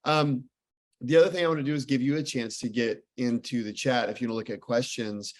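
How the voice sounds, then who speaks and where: A man's voice: mid-range voice, steady tone, brisk. A man hosting a live webinar, friendly, reading out audience questions for the guest. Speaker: host.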